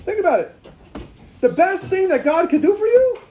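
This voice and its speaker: A man, a rabbi, giving a lively sermon full of rhetorical questions and acted-out dialogues. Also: extremely high pitch, moderate pace, a little hiss or hum, low-quality recording. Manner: animated, rhetorical questions, acts out dialogues with God. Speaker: rabbi teaching.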